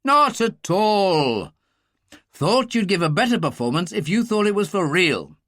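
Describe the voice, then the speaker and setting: Narrator playing an older brigadier, clipped upper-class, wry, lively pitch, dry close recording. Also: a little slow, dry recording.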